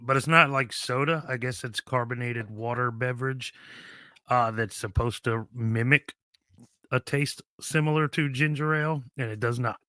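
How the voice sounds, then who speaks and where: A man of middle pitch with a bright, forward tone, giving eager opinions among friends. His voice is recorded close and dry, with no room sound. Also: steady tone, normal speed, dry recording. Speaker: podcast co-host. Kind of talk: casual chat.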